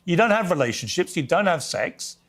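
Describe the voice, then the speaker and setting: Man, interviewer, confrontational questioning, pointed, slightly higher voice. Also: big pitch swings, brisk, fairly bright tone.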